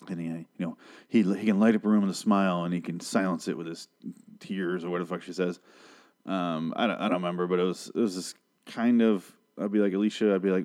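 A young man with a slightly low voice rambles through a casual recap of a TV episode. He is sarcastic, swears freely and keeps slipping into quick mock voices for the characters. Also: darkish tone.

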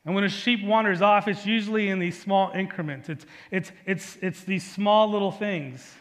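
A man's voice: sits high, normal speed, a bit bright. Man preaching in a reverberant church. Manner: conversational preaching with personal stories and frequent "right?". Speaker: pastor. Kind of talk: sermon. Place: church sanctuary.

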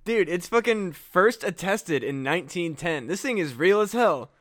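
Man, podcast co-host, casual comedic chat, swears a lot, bright tone. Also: high voice, expressive, normal speed. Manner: profane, joking, laughs often. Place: Midwest US.

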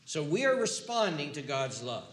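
A man's voice: fairly high pitch, sing-song, moderate pace, fairly bright tone. An older man preaching a sermon as pastor, repeating words as he restarts and building to emphatic peaks. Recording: roomy echo with faint ambience.

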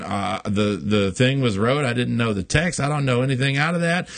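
A man's voice: medium pitch, normal speed, fairly bright tone, dry recording. A man hosting a podcast, telling a long story in casual chat, rambling with many fillers and frequent swearing. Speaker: podcast host.

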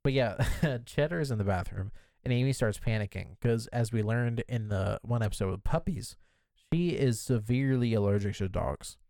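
A man's voice: lowish voice, normal speed, warm tone, dry recording. A man co-hosting a podcast and recapping an episode in a chatty, casual way, with lots of "like" fillers. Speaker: podcast co-host.

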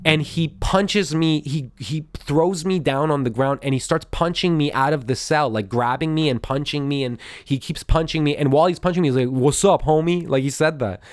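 A man's voice: fairly high pitch, moderate pace, few pauses, no echo, studio quality. Profane rambling man on a podcast. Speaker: podcast host. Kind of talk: casual storytelling. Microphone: studio microphone.

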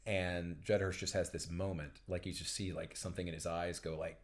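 A man's voice: deep voice, brisk. A man co-hosting a casual podcast, eagerly retelling a movie plot and acting out the characters' lines. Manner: animated storytelling, acts out characters' lines. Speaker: podcast co-host. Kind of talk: casual movie recap chat.

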